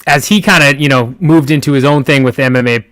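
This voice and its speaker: A man's voice: medium pitch, steady tone, quick pace, a bit bright, clean tone, no room sound. An American man as a podcast guest, candidly explaining his path in a self-deprecating way. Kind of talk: casual chat.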